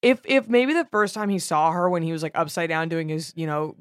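A woman's voice: low voice, expressive, a little fast, clean tone, no room sound, clean studio sound. A woman in casual chat with friends, opinionated, frank and sarcastic.

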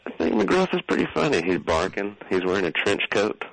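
A man calling in to a comedy talk show, speaking in a calm, soothing, unhurried way. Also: on the low side, gravelly, no echo, low-quality recording. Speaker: caller. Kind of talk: comedic call-in chat.

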